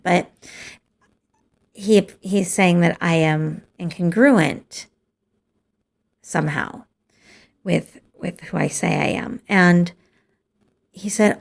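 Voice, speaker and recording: A woman's voice: fairly low pitch, vocal fry. A woman host telling a personal story in a candid, confessional way, with frequent hesitant restarts. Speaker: podcast host.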